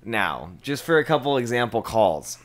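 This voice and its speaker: A man's voice: mid-range voice, moderate pace. A man hosting a podcast, telling work stories in casual chat and laughing through them. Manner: animated, laughs through his own stories. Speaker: podcast host.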